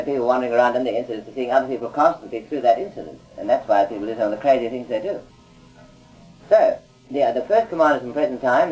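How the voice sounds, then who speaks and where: Mellow-voiced man telling rambling anecdotes. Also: mid-range voice, rough recording. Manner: conversational, rambling, frequent "you see" asides. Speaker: auditor recounting experiences. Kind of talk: anecdotal recorded talk.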